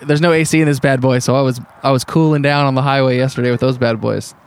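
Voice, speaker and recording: A man's voice: mid-range voice, fairly even intonation, quick pace, smooth. A man co-hosting a casual podcast, bantering and joking. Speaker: podcast co-host. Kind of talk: casual chat.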